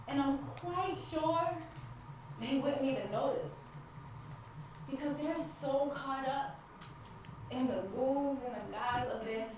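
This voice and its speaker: An actress as a grieving wife on stage. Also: female voice, on the high side, far from the mic, background noise. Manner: emotional, shifting between despair and faith. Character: grieving wife longing for a child. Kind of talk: stage monologue. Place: theater stage. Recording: echoey stage miked from afar.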